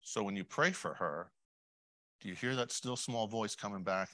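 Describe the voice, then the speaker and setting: Low-voiced man giving a chatty sermon. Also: moderate pace, bright, forceful tone, no echo. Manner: conversational, with asides and audience questions; clears throat often. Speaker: lay preacher.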